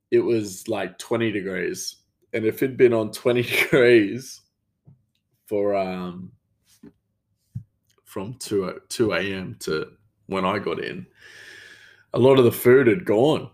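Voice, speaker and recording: An Australian chef telling rambling stories in a casual monologue, with many fillers and frequent chuckles, a bit tired. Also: male voice, on the low side, takes it slowly, long pauses, darkish tone. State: tired, yawning.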